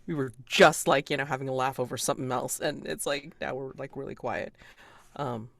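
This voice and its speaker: A woman's voice: rumbling low, fairly even intonation, fairly quick, vocal fry, a bit bright, dry recording. Woman rambling through her rpg turn, lots of ums and laughs, dry close sound. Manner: hesitant, rambling, laughs often. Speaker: player. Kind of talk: in-character tabletop play.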